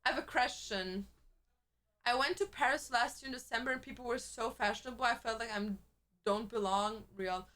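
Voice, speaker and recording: A woman's voice: on the high side, normal speed, a bit bright. A young woman streamer in casual livestream chat, talking in a chatty, crude way with lots of "like" fillers.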